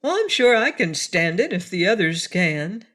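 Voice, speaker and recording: A woman doing a high, hesitant little girl. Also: big pitch swings, normal speed, fairly bright tone. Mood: uneasy. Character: hesitant brave young girl.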